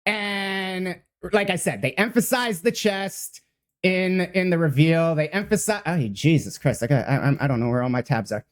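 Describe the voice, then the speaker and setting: Guy streamer rambling through patch notes live, excitable, lots of uhs and restarts. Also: a little high, moderate pace. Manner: swears casually. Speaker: game streamer.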